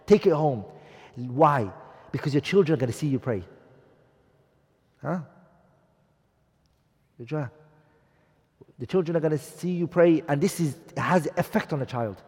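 Male religious teacher, husky and fairly high, heard in a reverberant hall. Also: darkish tone. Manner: questions the audience, mixes Arabic phrases. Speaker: Islamic studies teacher. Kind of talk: religious class lecture.

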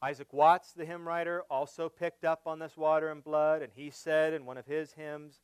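Male pastor preaching a sermon; smooth, clear voice in a dry, close room. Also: a little high, flat delivery, dry recording. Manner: slow, emphatic preaching that rises when stressing a point. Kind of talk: expository sermon.

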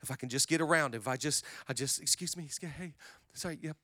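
Preacher putting on a sick woman, low and hushed, sorry-sounding, sermon story. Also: fast, no room sound, studio quality. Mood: hushed, apologetic. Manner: hushed and apologetic. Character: sick woman squeezing through a crowd.

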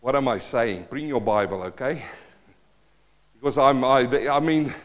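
A man preaching a sermon in a church, impassioned and swinging between loud exhortation and quiet pleading, firing rhetorical questions at the congregation. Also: mid-range voice, animated, normal speed.

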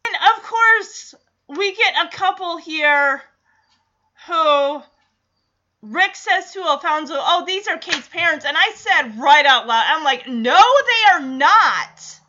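A high, bright woman gushes through a casual TV episode recap, laughing and acting out each character's lines as she goes. Her voice rings sharp and lively. The recording sounds a touch muffled. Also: slow pace.

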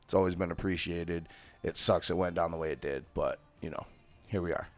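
A man's voice: deep voice, steady tone, fairly quick. A man from the United States hosting a podcast, talking in loose, profane, casual banter. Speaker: podcast host.

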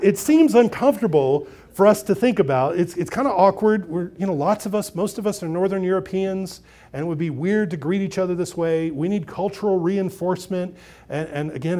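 A pastor in middle age, with a voice on the high side, gives a sermon that feels like conversation. His delivery alternates between booming emphasis and hushed asides, with lots of repeated and restarted phrases.

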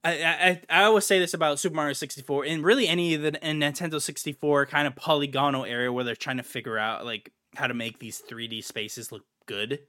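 A man's voice: fairly high pitch, steady tone, fast talker, few pauses, pushed and bright. A man co-hosting a casual gaming podcast, ranting in an exasperated way and swearing now and then. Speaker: podcast co-host.

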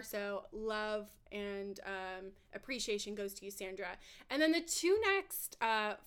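A woman co-hosting a podcast in casual chat, excitable and loud, laughing often as she talks into a microphone. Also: fairly high pitch, clear, resonant tone. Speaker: podcast co-host. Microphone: studio microphone.

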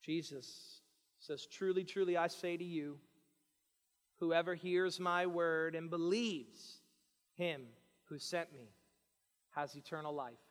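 A man preaching a sermon, pleading with his listeners and swinging between hushed lines and shouted ones. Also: on the high side, steady tone, slow, pauses often, long reverb tail.

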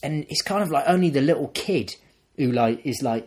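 A young man, a podcast co-host, casually retelling a film plot in a rambling, animated way and acting out the characters. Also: medium pitch, moderate pace, slightly rough.

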